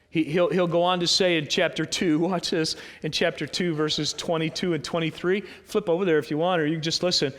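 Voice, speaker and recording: A man's voice: fairly high pitch, fairly even intonation, a little fast, few pauses. A man preaching a sermon as a pastor, talking conversationally and pressing his points with repeated rhetorical questions. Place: church sanctuary. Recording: long church hall reverb.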